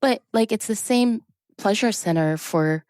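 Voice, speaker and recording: A woman drama therapist, talking as a podcast guest and explaining her ideas with animated emphasis. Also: medium pitch, measured pace, no room sound, clean studio sound. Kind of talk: conversational podcast interview.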